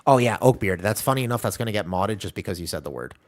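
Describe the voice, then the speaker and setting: Rambling, lively-voiced male streamer. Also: fairly low pitch, fast. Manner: rambling, chatty, reacts to chat. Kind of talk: casual chat while gaming.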